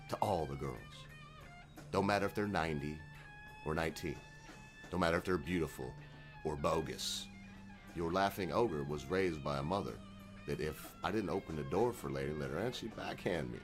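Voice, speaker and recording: A man with a notably deep, low voice hosts his own video channel. He rambles in a folksy, unscripted way and breaks in with chuckling asides. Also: moderate pace, over music. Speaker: channel host. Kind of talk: casual rambling video monologue.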